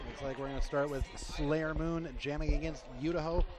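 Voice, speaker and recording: A man's voice: a little high, normal speed, music in the background. A man announcing a roller derby bout play by play, running energetically through rosters and action. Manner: energetic, rattles off names and numbers. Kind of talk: live sports commentary. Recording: crowd noise throughout. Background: crowd noise.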